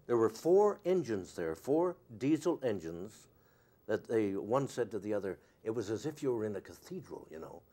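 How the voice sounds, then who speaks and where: Older male actor, interview guest, meandering storyteller with many fillers. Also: mid-range voice. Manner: rambling and anecdotal, many fillers. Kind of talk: casual interview chat.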